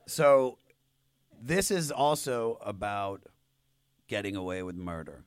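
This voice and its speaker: A man's voice: on the low side, lively intonation, slow, soft background music. A man hosting a podcast at a live taping, reading background notes on songs and asking his guest playful questions. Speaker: podcast host. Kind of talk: conversational album discussion.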